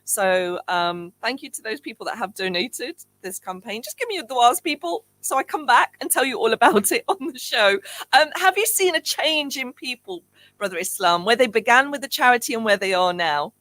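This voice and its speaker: A woman's voice: a little high, expressive, normal speed, fairly bright tone, dry recording, rough recording. A woman hosting a community radio show, chatting casually with a guest and laughing easily.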